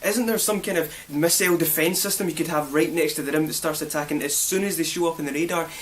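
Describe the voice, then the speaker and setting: A man's voice: fairly high pitch, fast talker, a bit bright, far from the mic. A young Scottish man reviewing a film with spoilers, full of sarcastic rhetorical questions. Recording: faint hiss, voice set back from the mic.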